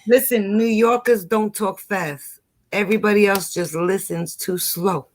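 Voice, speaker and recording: This is an older woman with a strong New York accent, chatting as a guest in a loose, casual way. She talks fast and plays around with her words, laughing often as she goes. Her pitch sits right in the middle for a woman. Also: fairly even intonation, a little mellow. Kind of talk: casual chat.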